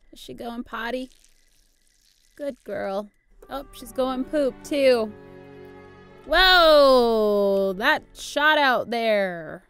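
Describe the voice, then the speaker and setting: Woman, young adult, high voice, slow pace, chatty, giggly, let's-play commentary. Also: a bit bright. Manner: chatty, giggly, playful self-narration. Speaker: gaming YouTuber.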